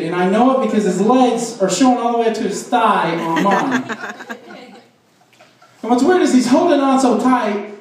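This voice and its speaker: High-voiced man telling crude stand-up stories. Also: slight background noise. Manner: crude storytelling with crowd work. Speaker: stand-up comedian. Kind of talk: stand-up comedy set. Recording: echoey club from far off.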